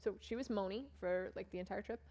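A woman's voice: mid-range voice, fast, mellow. A young woman from Maine telling a chatty, self-mocking story about a mission trip to a church audience while showing slides. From Maine, USA. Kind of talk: casual storytelling talk with slides.

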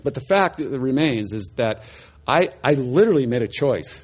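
A man preaching through a personal story, lively and chuckling as he acts out each moment. His voice sits mid-range and the recording sounds dull and lo-fi. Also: mid-range voice, normal speed, breathy edge. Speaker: preacher telling a testimony. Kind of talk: sermon storytelling.

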